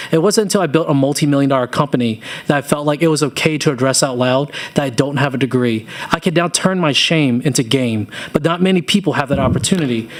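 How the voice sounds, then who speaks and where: A man in his thirties from Louisiana speaks to a committee as a business owner. His voice sits fairly high, and he tells his story earnestly with casual, folksy asides. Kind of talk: public testimony at a committee hearing.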